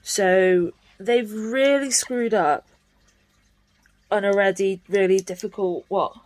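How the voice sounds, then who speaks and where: A woman's voice: mid-range voice, slow, a little mellow. A woman talking frankly and bluntly in a casual home vlog. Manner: frank and blunt, mildly annoyed. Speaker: vlogger.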